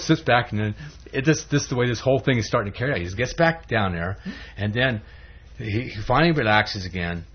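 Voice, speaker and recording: A man's voice: mid-range voice, slightly rough. A man preaching a sermon in a loose, conversational storytelling manner, on a dull lo-fi recording.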